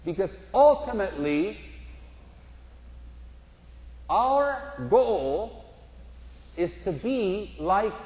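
High-pitched male pastor preaching, tells stories and does little voices, big echoey church hall. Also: very animated, slow pace, a little mellow. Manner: storytelling preacher, acts out voices in anecdotes. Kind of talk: sermon. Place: church sanctuary.

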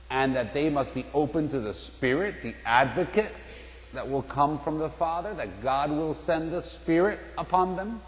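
Man preaching in an echoey church. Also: a little high. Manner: storytelling, animated in quoted voices. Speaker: priest. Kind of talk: sermon with a told joke. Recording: echoey church hall with long reverb.

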